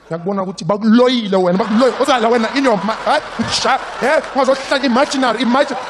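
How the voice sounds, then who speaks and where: A man voicing a stern, suspicious old grandmother who scolds and shouts. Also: fairly high pitch, racing, background noise, voice pushed up, close to an everyday voice. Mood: scolding. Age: older.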